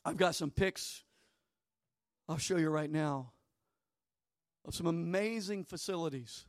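A male pastor with a fairly high voice preaches slowly and deliberately. He moves dramatically between hushed, near-whispered asides and emphatic declarations. The sound is dry and close. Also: no room sound. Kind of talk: sermon.

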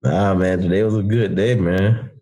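A man's voice: deep voice, fairly even intonation, normal speed, dark tone, husky. A man co-hosting a casual podcast in an easygoing, drawling way.

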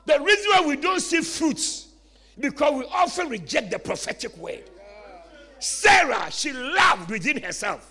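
A man preaching a sermon in a church, shouting lines and calling for responses from the congregation. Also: very high-pitched.

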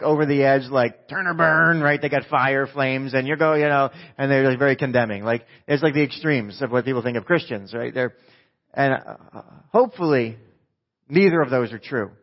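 Joking pastor from new jersey. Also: male voice, medium pitch, a little fast, muffled recording. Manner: conversational, joking, asks the crowd questions. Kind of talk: sermon.

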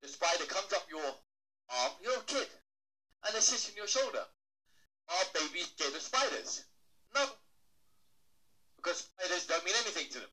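A man with a bright, slightly high voice gives an animated stage talk to an audience. He teases the crowd, asks them questions, and acts out quick little voices to make his points. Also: rough recording. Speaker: motivational speaker.

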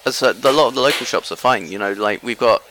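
A man's voice: medium pitch, fast talker, background noise. A man from Scotland chatting casually, rambling and correcting himself as he goes. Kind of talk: casual chat.

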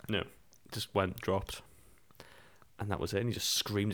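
A young man from England with a fairly low voice in a casual chat. He stammers and restarts often and giggles as he tells his story. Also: level tone, unhurried, a bit bright.

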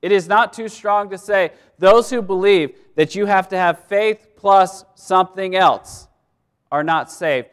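A man's voice: sits high, unhurried, clean tone. A male pastor preaching a sermon in a conversational way, repeating words and laughing as he goes.

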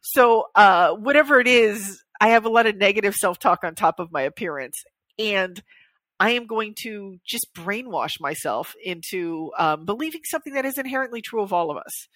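A woman co-hosting a podcast in casual chat, animated and quick to joke at her own expense. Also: medium pitch, no echo. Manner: animated, joking and self-mocking. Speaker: podcast co-host.

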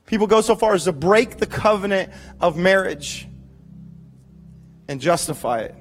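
A high-pitched man in his forties delivers a sermon from the pulpit. He talks in a lively, joking way, often restarting his sentences as he tells stories about himself. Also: normal speed, pauses often, faint music behind. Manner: animated, joking storytelling with frequent restarts. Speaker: pastor.

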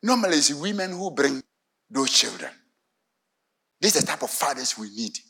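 Emphatic high-voiced Ghanaian preacher. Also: male voice, big pitch swings, moderate pace, pushed and bright, slightly rough. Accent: Ghanaian English. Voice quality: emphatic, asks the congregation to fill in words. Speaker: pastor. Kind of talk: sermon.

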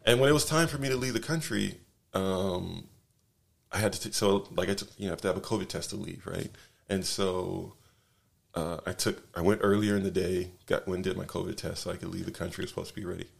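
Deep gravelly-voiced man telling stories. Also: steady tone, a little fast. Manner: rambling, many fillers and restarts. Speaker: podcast guest. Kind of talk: casual storytelling.

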